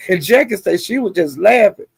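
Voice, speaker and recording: A woman's voice: mid-range voice, animated, measured pace, vocal fry, darkish tone, breathy edge, no echo. A woman hosting a livestream, chattily retelling gossip with lots of asides and some cussing. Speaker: livestream host. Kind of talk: casual gossip storytelling.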